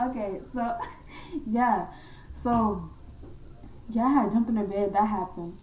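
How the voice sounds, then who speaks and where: A young woman casually telling a true ghost story to her viewers, slangy and animated, calling them y'all and acting out her own scared voice. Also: mid-range voice, unhurried, recorded from a distance, highs cut off. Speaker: vlogger. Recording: echoey room from off-mic.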